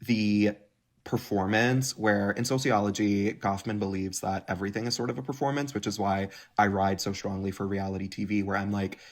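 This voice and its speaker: Man, slightly low voice, chatty guest, animated, lots of "like". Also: moderate pace. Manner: chatty, animated, full of "like" and acted-out quotes. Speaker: guest, writer and content creator. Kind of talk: conversational interview.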